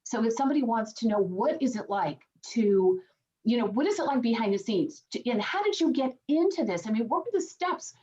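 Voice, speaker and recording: A woman's voice: fairly high pitch, expressive, a little fast, darkish tone. A woman guest on a podcast, a psychic medium, explaining her work earnestly with frequent restarts. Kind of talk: podcast interview answers. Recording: dull lo-fi sound.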